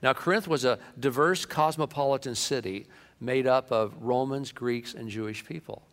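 A man preaching a sermon in a lively manner, acting out comic quotes and voices. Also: mid-range voice, moderate pace. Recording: long hall reverb.

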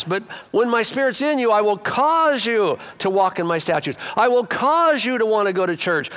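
A middle-aged man preaching a sermon as pastor, swinging between loud emphatic lines and low quiet asides. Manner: animated preaching with wide swings of pitch and loudness.

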